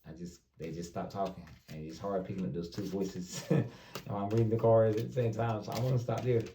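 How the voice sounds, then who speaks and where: A man's voice: lowish voice, level tone, fairly quick, dark tone. Man giving a tarot reading, roomy and distant. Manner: loose, repeats himself, talks straight to viewers. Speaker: tarot reader. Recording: roomy, distant mic with faint noise.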